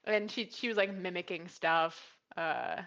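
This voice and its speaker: A young woman co-hosting a podcast in casual chat, telling animated stories and acting out what others said. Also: on the low side, unhurried, vocal fry, lo-fi sound. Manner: animated storyteller acting out quotes. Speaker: podcast co-host.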